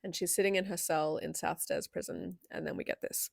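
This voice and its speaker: A woman's voice: lowish voice, fairly even intonation, fairly quick, creaky, no echo, studio quality. A young adult woman giving a chatty, candid video essay with frequent asides.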